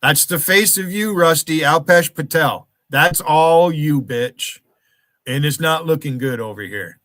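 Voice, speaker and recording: Confrontational male streamer, swears constantly, slightly high voice, dry sound. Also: unhurried, fairly bright tone, dry recording. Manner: profane, confrontational, calls out viewers by name. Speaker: livestream host. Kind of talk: angry livestream rant.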